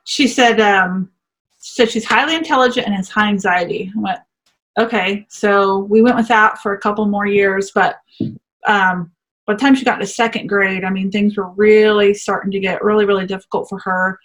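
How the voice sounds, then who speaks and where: A woman's voice: mid-range voice, fairly even intonation, moderate pace, fairly bright tone. Woman host in her thirties, chatty and giggly, loose conversational podcast delivery. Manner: chatty, laughs often, many fillers.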